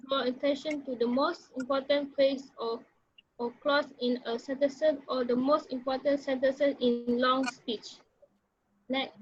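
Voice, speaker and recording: A young woman presents to her class in a formal way, reading from a prepared script. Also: high voice. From Malaysia. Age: young adult. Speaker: university student presenter. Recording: dull lo-fi recording.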